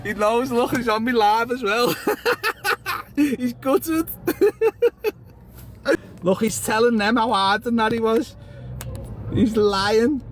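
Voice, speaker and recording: High-pitched Scouse man, excitable and mocking, live street commentary. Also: a little slow. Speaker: street filmer.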